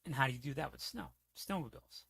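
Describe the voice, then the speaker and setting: A man's voice: mid-range voice, lively intonation, quick pace, gravelly, a bit bright, breathy edge, dry recording. A man streaming, ranting in a heated, profane, rambling way, often asking "you know what I'm saying". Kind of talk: casual livestream rant.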